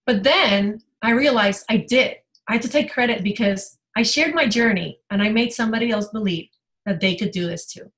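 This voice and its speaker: A woman's voice: a little high, normal speed, fairly bright tone, poor audio. A woman health coach giving an emotional, rambling personal testimony on a team video call.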